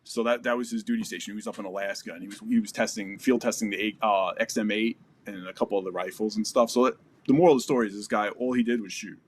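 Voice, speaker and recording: A man's voice: lowish voice, fairly even intonation, fast talker, slight background noise. An American man in his forties, a podcast guest telling a war story in a casual, profane and vivid way. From United States. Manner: profane, vivid, re-enacts dialogue.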